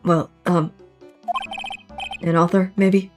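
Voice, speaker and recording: A woman voicing an earnest young male lawyer in a game read-aloud, speaking lower and hesitantly. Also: little pitch movement, takes it slowly, faint music behind.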